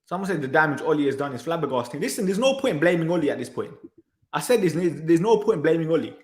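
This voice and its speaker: The echoey room frames a man speaking fast in a fairly high, very animated voice. Hosting a football reaction channel, he rants about the match in frustration, sighing and repeating the same phrases over and over.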